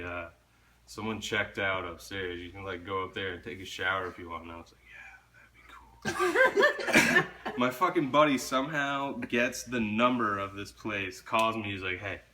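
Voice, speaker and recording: A man's voice: fairly low pitch, bright, forceful tone, slight background noise. A young man telling a story in casual chat, laid-back, swearing often and laughing along.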